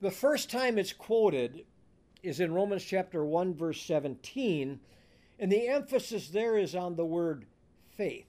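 Slow, high-voiced male preacher. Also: sing-song, a little mellow. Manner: slow, deliberate preaching with emphatic scripture reading. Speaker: pastor. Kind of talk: sermon.

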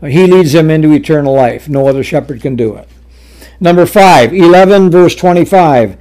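A man preaching a sermon, reading scripture aloud and explaining it deliberately with frequent fillers and restarts. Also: fairly high pitch, warm tone.

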